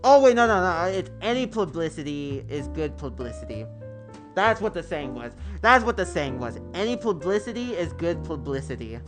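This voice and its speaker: A man's slightly high voice swings widely in pitch as he chats at a moderate pace with his livestream viewers. The talk is casual and rambling, with swearing and stumbles, over background music.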